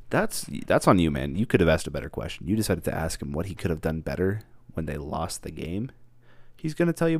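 A man's voice: deep voice, animated, moderate pace, dry recording. A young man vlogging alone, joking and rambling off on tangents as he acts out mock interviews. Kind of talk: casual rambling monologue.

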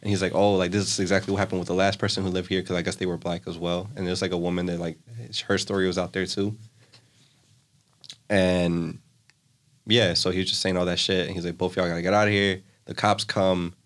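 Young guy with a really low voice just chatting, telling a story all loose and rambly, tons of "like"s. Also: a little fast. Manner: relaxed, rambling retelling full of "like" fillers. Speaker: storyteller in casual conversation. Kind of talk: casual chat.

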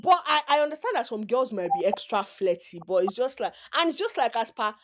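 A Nigerian woman co-hosting a casual podcast, chatting with her friend. Her voice sits a little high and swings up and down a lot. She talks in an animated way and teases and scolds her friend. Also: fairly quick, slight background noise. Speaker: podcast co-host. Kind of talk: casual chat.

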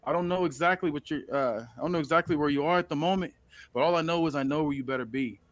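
A man voicing a furious, cocky male wrestler who issues a threatening challenge, pushing his voice high without managing any accent. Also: quick pace, no echo, close to an everyday voice. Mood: angry, taunting. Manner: high and strained, no real accent.

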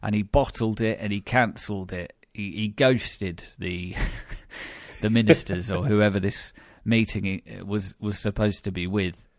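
British guy hosting a podcast, kinda low voice, dry close sound, rambly and wry. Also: fairly even intonation, a little slow, dry recording. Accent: British English. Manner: chatty, wry, lots of fillers and restarts. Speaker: podcast host. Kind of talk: casual podcast chat.

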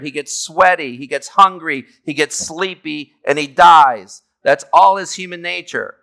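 Slightly high with vocal fry and a sharp edge, this man's voice carries a conversational theology lesson. As a Bible teacher he reads passages of scripture aloud and explains them in plain terms, frequently asking "okay?".

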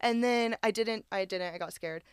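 Lively young woman telling stories. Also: mid-range voice, normal speed, clear, resonant tone, dry recording, studio quality. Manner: animated storytelling, laughs often, acts out quotes. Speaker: podcast co-host. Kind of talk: casual chat.

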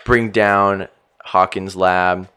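A man with a lowish, smooth and clear voice hosts a casual podcast chat. He steers the conversation in an upbeat way and laughs easily. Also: level tone, sharp tone. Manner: leads the talk, upbeat, quick to laugh. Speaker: podcast host.

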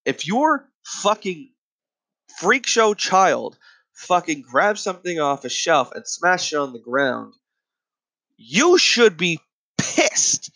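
A man rants in a comedy bit, angry and exasperated, with swearing in almost every sentence. His voice sits high for a man. He sounds fed up and worked up throughout. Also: big pitch swings, slow pace, bright, forceful tone, rough recording. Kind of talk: profane comedic rant.

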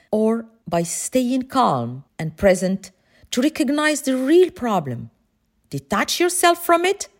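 A woman, a former pharmacist, giving a motivational talk with expressive, emphatic storytelling. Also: medium pitch.

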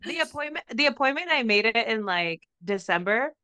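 A young woman from Mexico with a faint Mexican accent, chatting on a podcast with a bright, crisp voice. She swears freely and laughs often through her stories, and the recording is dry and close. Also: on the high side, lively intonation, brisk, no echo. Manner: laughing, profane storytelling. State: sick. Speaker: podcast co-host. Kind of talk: casual chat.

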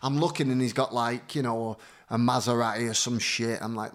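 A man's voice: medium pitch, fast talker. A man telling stories in casual chat as a podcast co-host, swearing and acting out the people in them. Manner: animated storytelling, swearing, acting out voices.

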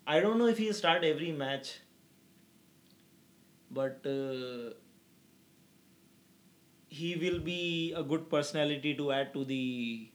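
A young man co-hosting a casual football chat, opinionated and quick to laugh. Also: fairly high pitch. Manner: chatty, opinionated, laughs often. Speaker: co-host.

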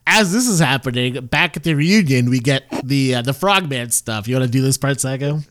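A man's voice: medium pitch, animated, fairly quick, fairly bright tone. A man co-hosting a podcast, recapping a TV episode in rambling, filler-heavy casual chat. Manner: rambling, many fillers and restarts. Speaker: podcast co-host.

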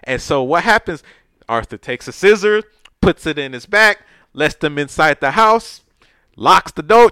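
A man in casual podcast talk, retelling a film with big swings in his somewhat high, bright voice. He slips into the characters as he goes and curses freely. The sound is dry and close to the mic. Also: measured pace, smooth, no room sound. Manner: animated storyteller who acts out movie scenes; loose, profane street-style speech. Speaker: podcast co-host. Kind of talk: casual chat.

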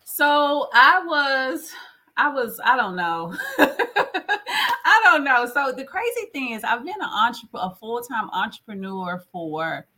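Bright, slow-spoken woman guest. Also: high-pitched, lively intonation. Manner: halting, thinking aloud. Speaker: podcast guest. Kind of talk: casual podcast conversation.

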